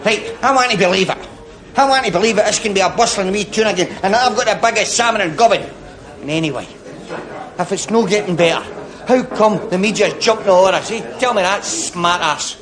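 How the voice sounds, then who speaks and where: A man's voice: high-pitched, a little fast, a crowd in the background, close to an everyday voice. A man playing a boastful Glaswegian pub regular. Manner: boastful, excitable. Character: wide-eyed, boastful Glasgow pub regular, adult man. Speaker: pub pal. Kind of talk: 1990s sitcom acting.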